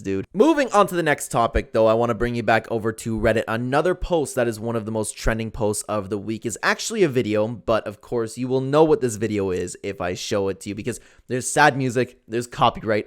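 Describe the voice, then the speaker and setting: Animated young man ranting on MMA news. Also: mid-range voice. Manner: animated, opinionated, frequent fillers like "like" and "man". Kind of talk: casual commentary.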